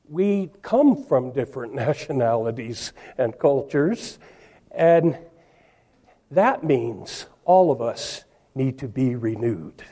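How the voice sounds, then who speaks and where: Reading verses aloud during a sermon, this man speaks slowly and with emphasis, stressing important words. His voice is mellow and a little high.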